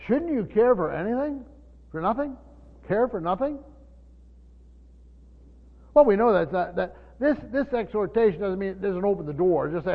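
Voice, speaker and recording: A man preaching a Bible study sermon, often pausing, repeating words and asking his listeners questions. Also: high-pitched, lively intonation. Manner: halting, repeats words, asks the room questions. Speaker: pastor. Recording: tinny phone-like sound in a reverberant hall.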